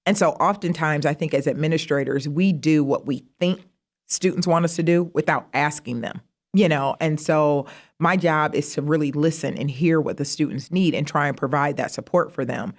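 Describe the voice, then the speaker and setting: A middle-aged woman, a university vice president, telling stories in a casual interview, animated and jumping high in pitch when she quotes herself. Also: moderate pace. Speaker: guest, university vice president of student affairs.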